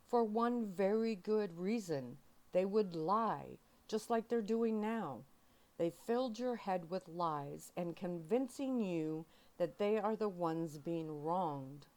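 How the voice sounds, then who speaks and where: A woman's voice: low voice, slow pace, darkish tone. A woman reading as an anxious, insistent father. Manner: pleading then insistent. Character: worried, angry father of a young woman. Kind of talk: soft-spoken ASMR book reading.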